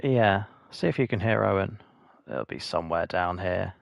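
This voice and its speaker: A man's voice: sits low, moderate pace, creaky, dry recording, lo-fi sound. A man hosting a live-streamed sim racing league, chatting casually to viewers and then calling the race. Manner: chatty, self-mocking, rising to excited race calling.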